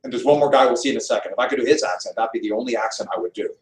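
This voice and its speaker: A man lecturing on history in a lively storytelling way, acting out quotes as he goes. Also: medium pitch, racing. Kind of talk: classroom lecture. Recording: echoey room, mic far off.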